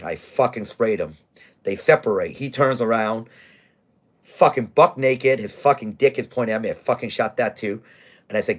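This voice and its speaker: A man's voice: lowish voice, moderate pace. A man who manages a bar, telling a rowdy story in blunt, profane casual talk. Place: bar in Scranton, Pennsylvania.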